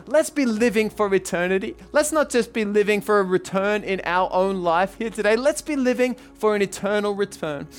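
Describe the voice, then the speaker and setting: A man preaching as pastor at a church service, earnestly rallying his congregation. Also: sits high. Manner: retells a story with many "she said" tags. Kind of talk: sermon.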